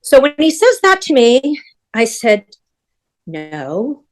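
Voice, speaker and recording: Older woman, stage-manager guest, slightly high pitch, lively storyteller who acts out the dialogue. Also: slow pace. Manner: animated, acts out other people's lines. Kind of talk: anecdotal storytelling in casual chat.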